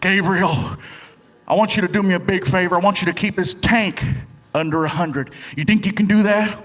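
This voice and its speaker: A comedian doing a laid-back veteran cop. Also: male voice, sits high, steady tone, normal speed, fairly bright tone. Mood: easygoing. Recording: live hall with audience noise.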